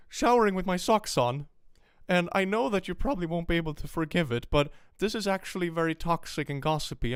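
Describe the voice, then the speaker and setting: A man's voice: a little high, clean tone, dry recording, clean studio sound, voice pushed up, close to an everyday voice. A man mocking a syrupy fake-apology creator. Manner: vague, syrupy, overly earnest. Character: insincere male online creator giving a fake apology.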